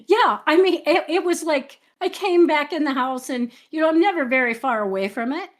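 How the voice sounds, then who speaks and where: A woman hosts a livestream talk show, her voice sitting a little high. She talks in an animated, storytelling way and laughs often. She mixes explanation with casual chat. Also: normal speed. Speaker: astrologer and show host.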